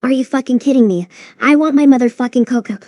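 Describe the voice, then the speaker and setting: A synthetic woman's voice playing a hot-tempered, foul-mouthed young female pony in cartoon dialogue, speaking in an even, machine-like rhythm. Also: sits high, fast, dry recording, studio quality, close to an everyday voice. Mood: angry. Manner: swears constantly, demanding.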